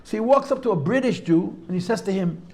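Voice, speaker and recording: A middle-aged teacher talks to a live class in a seminary, his voice pitched high with a gravelly rasp. He drifts from one tangent to the next and circles back over his own phrases. Yiddish and Hebrew words run all through his storytelling. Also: expressive, fast, a little mellow. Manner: digressive, repeats phrases, peppers speech with Yiddish and Hebrew terms. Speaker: teacher giving a talk. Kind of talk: storytelling talk at a Chassidic gathering.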